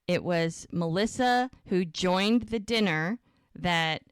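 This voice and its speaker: A woman's voice: on the low side, takes it slowly, clean tone, no echo, clean studio sound. A woman co-hosting a podcast, casually recapping episodes and acting out the characters' lines. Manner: retells scenes, acting out lines with "he goes". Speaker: podcast co-host.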